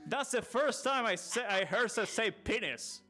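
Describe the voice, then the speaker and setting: A man speaking in character during a livestreamed roleplay, quick and joking. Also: high voice, expressive, sharp tone, faint music behind. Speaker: roleplayer playing a student.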